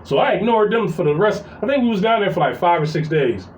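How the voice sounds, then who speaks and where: A man telling a story in a casual, profane, animated way, venting to his viewers from his workplace. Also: high voice, quick pace. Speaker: vlogger. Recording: echoey, distant mic with faint background noise.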